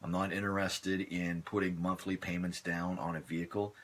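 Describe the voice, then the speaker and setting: A man hosting a casual live stream from his phone, chatting in a relaxed, rambling way as he answers viewer comments. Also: deep voice, normal speed.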